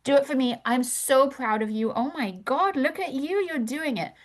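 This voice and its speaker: A woman's voice: high voice, expressive, normal speed, pitched above the performer's own voice. A woman acting out a flirtatious, seductive female coach showering praise. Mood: flirty. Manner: cooing, breathy praise.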